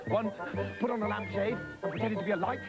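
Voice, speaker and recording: A man's voice: sits high, fast, low-quality recording. A man telling a comic children's story, gleeful and anarchic. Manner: gleeful and anarchic, jumping between voices. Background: music.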